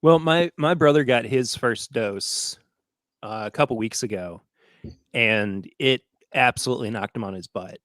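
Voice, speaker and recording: A man's voice: medium pitch, unhurried, a bit bright, no room sound. A man co-hosting a casual podcast livestream, telling stories with easy laughs. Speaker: podcast co-host.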